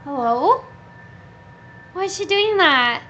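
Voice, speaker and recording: High-voiced young woman livestreaming. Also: lively intonation, slow pace, bright, forceful tone. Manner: repeats words over and over, practicing pronunciation. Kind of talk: casual live-stream chat. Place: bedroom with air conditioning running. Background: air conditioning hum.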